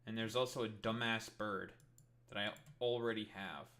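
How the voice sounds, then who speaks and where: A man's voice: fairly low pitch, steady tone, normal speed, a bit bright. A young man streaming, chatting casually in a rambling, sarcastic way with lots of swearing. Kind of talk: casual live-stream commentary.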